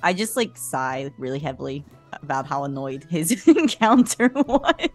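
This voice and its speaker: Brief: a woman player in a tabletop game with a lively, swinging voice over soft music. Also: low voice, moderate pace.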